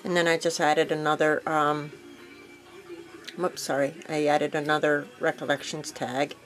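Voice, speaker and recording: A woman with a fairly low voice gives a casual show-and-tell of her craft work. She rambles easily, with plenty of fillers and small self-corrections. Faint music plays behind her. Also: little pitch movement, unhurried, rough recording. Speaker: crafting vlogger.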